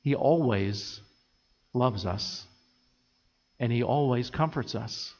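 A man preaching a sermon as pastor, earnest and steady, building his points through repeated phrases. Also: mid-range voice, slow, in a large hall, highs cut off. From United States. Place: church sanctuary.

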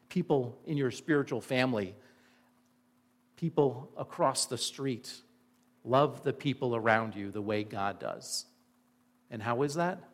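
A man preaching a sermon, earnest and emphatic, asking the listeners rhetorical questions. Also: medium pitch. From Indiana. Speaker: pastor.

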